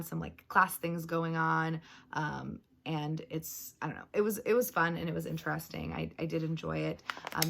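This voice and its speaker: A woman talks casually through what she is reading. Her voice sits low and has a gravelly rasp. She rambles along with plenty of "like" and "um". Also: a little hiss or hum. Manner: rambling, full of "like" and "um". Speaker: book vlogger.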